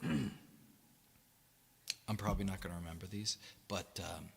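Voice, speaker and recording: A man's voice: deep voice, steady tone, unhurried, vocal fry, husky, long reverb tail. A man hosting a casual live stream as a musician. He rambles, swears a lot and laughs between his lines.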